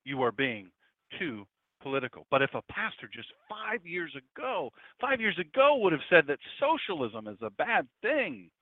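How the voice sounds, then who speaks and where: A man preaching an impassioned broadcast sermon, swinging between loud declarations and hushed asides. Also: sits high, wildly swooping pitch, normal speed, few pauses, no room sound. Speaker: pastor. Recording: dry, phone-like lo-fi sound.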